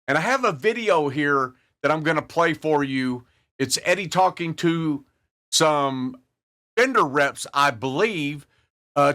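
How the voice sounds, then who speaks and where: An earnest man hosts a guitar channel. His voice is slightly high and bright. He talks very slowly and drives his points home by repeating them. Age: 60s. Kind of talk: casual talk to camera.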